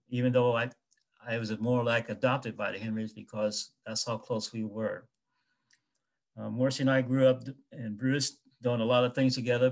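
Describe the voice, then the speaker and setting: A middle-aged American man giving an emotional, halting remembrance of a lifelong friend. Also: medium pitch. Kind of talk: heartfelt personal remembrance.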